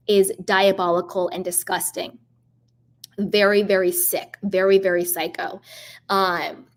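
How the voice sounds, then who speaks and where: Woman, casual show recapper, fired-up and opinionated, mid-pitched voice. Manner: animated, indignant, acts out quoted voices. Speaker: reality TV commentator. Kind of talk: casual recap commentary to camera.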